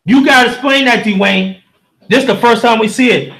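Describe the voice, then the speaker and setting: A man hosting a livestream in a heated, preachy rant, often shouting and speaking straight to his listeners while reading the chat. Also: extremely high pitch, moderate pace.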